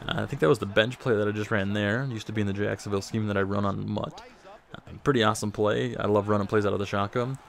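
A man's voice: fairly low pitch, creaky. A man casually commenting over his football video game, rambling and self-deprecating, a bit out of breath. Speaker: gaming commentator.

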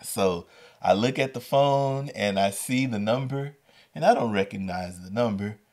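Low-voiced man telling a story vividly. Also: a little slow. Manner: animated, acts out the voices in his story. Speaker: podcast host and educator. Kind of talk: storytelling podcast.

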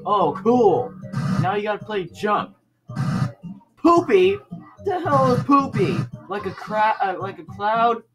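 A man giving excitable gameplay commentary, laughing often and shouting his reactions at the game. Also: high-pitched, slow pace. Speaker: let's play gamer. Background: game music.

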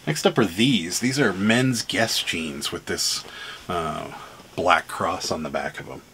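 Deep-voiced chatty Pittsburgh man. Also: takes it slowly, a bit bright, slight background noise. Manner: rambling and chatty, with many ums and uhs and frequent laughs. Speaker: reseller vlogger. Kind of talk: casual vlog, showing items to camera.

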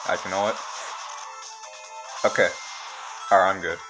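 A young man commentating casually on a handheld game as he plays, excitable and quick to exclaim. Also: low-pitched, over music. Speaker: let's play gamer.

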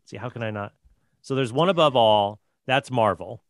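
An eager man guest on a podcast, talking in a rambling rush of "um" and "like" and often restarting his sentences. His voice has a middle pitch, and it sounds close and dry, with no room echo. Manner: fast, rambling talk full of fillers and restarts; enthusiastic comic-book fan. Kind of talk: casual podcast chat.

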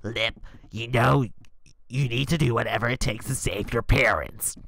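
A man doing a tearful old grandma, gravelly. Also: medium pitch, normal speed, a bit bright.

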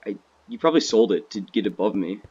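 Boastful gamer guy, lively pitch. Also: quick pace, breathy edge, lo-fi sound. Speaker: gamer playing with a friend. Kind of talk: casual gameplay chat.

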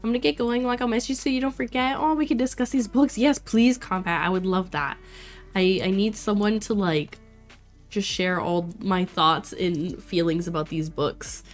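A young woman from Florida streaming a life sim game, chatting casually with her viewers, reacting loudly and laughing often. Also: mid-range voice, moderate pace. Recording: faint music behind.

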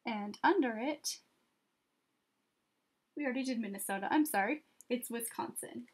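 A woman teaching children an art lesson step by step, patient and gently encouraging, often pausing as she draws. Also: a little high.

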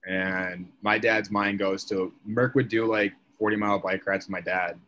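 A man's voice: fairly low pitch, fairly even intonation, normal speed, bright, forceful tone, a little hiss or hum. A young man, a podcast guest, telling a story in casual chat, leaning on "like" as a filler. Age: young adult. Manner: chatty, filler-heavy, leans on "like".

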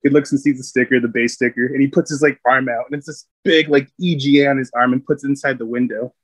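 A man telling stories from his military days in a loose, casual way, rambling and packing his talk with fillers. His voice sits at a middling pitch and is recorded close and dry. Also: steady tone, quick pace, husky, no echo. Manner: rambling, full of fillers, laughs often. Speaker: Marine veteran guest. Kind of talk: casual storytelling.

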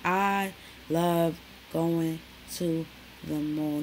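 A young woman, chatting to camera in her small bedroom, slangy and animated as she tells stories. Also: low-pitched, very slow, a little hiss or hum, poor audio. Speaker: vlogger. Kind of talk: casual chat to camera.

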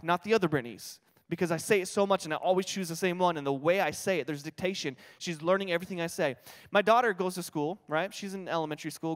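A man in his thirties from New Mexico, with a New Mexican accent, preaching a conversational sermon in a chatty, self-deprecating way, with frequent restarts. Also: sits high. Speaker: pastor. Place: church auditorium. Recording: long hall reverb.

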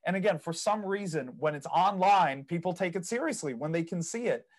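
A man's voice: high voice, expressive, fairly quick. A man guesting on a podcast, telling stories about property investing, acting out people's reactions and laughing at his own tales. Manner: storytelling, acts out other people's quoted reactions. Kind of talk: casual interview chat.

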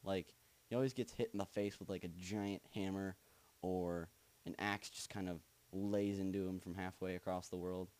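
A man's voice: deep voice, steady tone, normal speed, hardly any pauses, darkish tone. A young man commentating a horror game he is playing, muttering nervously, chanting to himself and swearing, with sudden screams. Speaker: gaming channel host.

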